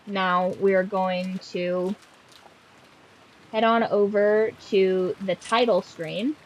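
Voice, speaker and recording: A woman's voice: medium pitch, steady tone, slow, lo-fi sound. Sarcastic, swearing woman streamer. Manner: sarcastic, profane, joking. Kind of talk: casual game stream commentary.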